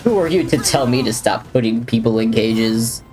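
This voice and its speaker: A man talks through a live gaming stream in a relaxed, joking way, thanking followers and answering chat between comments on the game. His voice sits at an ordinary middle pitch. Soft game music plays underneath. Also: normal speed. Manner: chatty, jokey, drifts between talking to chat and to the game. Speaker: livestreamer. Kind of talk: casual gameplay commentary, reading chat. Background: faint game music.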